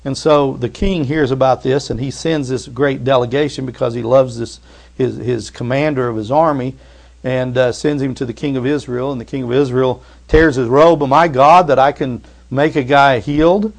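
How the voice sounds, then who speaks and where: A man preaching a sermon in a conversational way, retelling scripture and rising to loud emphatic bursts. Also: mid-range voice, fairly even intonation, normal speed, creaky. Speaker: pastor.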